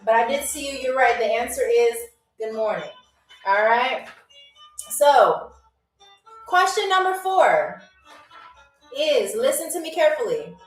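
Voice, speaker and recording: A woman's voice: fairly high pitch, animated, measured pace, long pauses. A woman hosting a live trivia stream, chatting casually and teasing viewers as she reads their comments. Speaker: game show host on a livestream. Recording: roomy echo, distant from mic, faint music.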